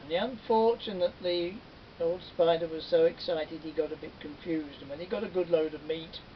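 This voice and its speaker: A man telling a folktale with lively, animated narration. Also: moderate pace. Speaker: storyteller. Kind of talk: folktale storytelling. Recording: dull distant recording with faint rumble.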